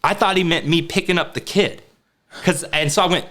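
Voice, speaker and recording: A man's voice: fairly high pitch, normal speed, long pauses. A man in his thirties, a podcast co-host telling stories in casual chat, swearing freely and acting out what people said. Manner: animated, swears freely, acts out quotes.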